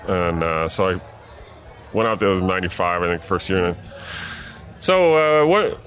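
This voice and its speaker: Bright-voiced sports reporter telling stories. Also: male voice, low-pitched, level tone, brisk. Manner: loose anecdotal telling with laughter. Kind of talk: casual storytelling chat.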